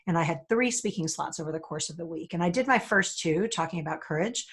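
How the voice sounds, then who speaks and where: A New woman speaking as a guest, telling a story in an animated way and acting out the people she quotes. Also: on the low side, quick pace, slightly rough. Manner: animated, acts out quoted voices. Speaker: guest speaker, leadership facilitator. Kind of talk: storytelling conversation.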